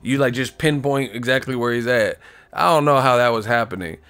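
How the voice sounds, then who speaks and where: A man's voice: medium pitch, fairly quick, a bit bright, clear, resonant tone. A young man hosting a boxing livestream, rambling and joking in casual, profane chat.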